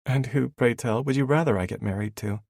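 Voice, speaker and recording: A man's voice: medium pitch, fairly quick, vocal fry, darkish tone, dry recording, studio quality, pitched above the performer's own voice. A man voicing a teasing young mother. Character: young woman, new mother, teasing and blunt.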